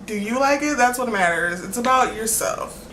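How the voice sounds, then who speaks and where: A woman's voice: a little high, expressive, normal speed, noisy background. A young woman rambling in a casual vlog, giggly and apologetic, stringing thoughts together with lots of "like". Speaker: vlogger. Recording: echoey room with faint ambience.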